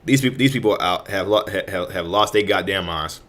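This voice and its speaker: Low-pitched yet fairly bright, the voice of this male host moves at a brisk clip. His ranting commentary is hot-tempered, littered with restarts, repeated words and curses.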